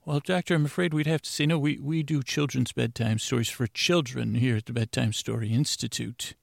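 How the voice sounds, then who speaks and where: A man's voice: mid-range voice, steady tone, fairly quick, creaky, no room sound, clean studio sound. A man putting on a prim, dismissive male receptionist. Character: prim male receptionist of a bedtime story institute.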